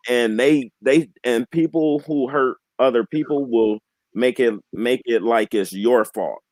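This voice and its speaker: Speaking on a candid panel, this twenty-something guest has a mid-range, darkish voice and an earnest, emotionally open manner, frequently stopping and starting his sentences over. The recording is rough, with no room sound.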